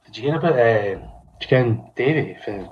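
Scottish guy, pitch jumps all over, deadpan silly jokes, slightly lo-fi. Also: moderate pace. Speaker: podcast co-host. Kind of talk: casual comedic storytelling.

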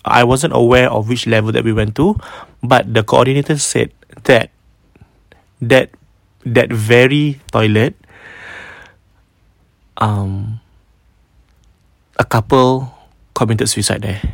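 Singaporean man, podcast host, gravelly voice, dry close sound, casual ghost story, repeats words. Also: mid-range voice, slow pace, pauses often, no echo. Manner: mixes in Malay phrases, animated retelling.

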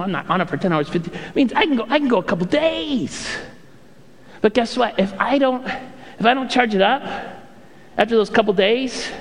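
A male pastor preaching a sermon with animated storytelling and playful impressions. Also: high voice, long reverb tail.

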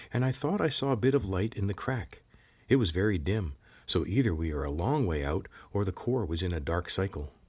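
Brief: male narrator doing a polite nonhuman cave guide, formal and stiff, raised a few notes above a low husky voice. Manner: formal, stiff, calls him sir. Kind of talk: audiobook character voice.

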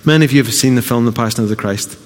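A man preaching a sermon as a pastor, earnest and emphatic with dramatic pauses. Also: medium pitch. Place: church auditorium. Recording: long reverb of a church hall.

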